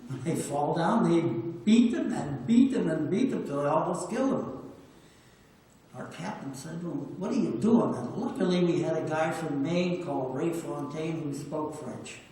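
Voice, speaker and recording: A man's voice: on the high side, lively intonation, moderate pace, mellow. Old man in his 90s spinning war yarns, plain talk, big echo, sounds far from the mic. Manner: plain-spoken, anecdotal, repeats words for emphasis. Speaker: WWII veteran speaker. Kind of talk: storytelling talk. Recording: echoey hall, distant mic.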